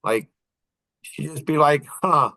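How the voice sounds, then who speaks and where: A man's voice: on the high side, normal speed, fairly bright tone. A man in his fifties hosting a podcast, telling rambling stories in casual chat and chuckling often. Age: 50s. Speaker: podcast host.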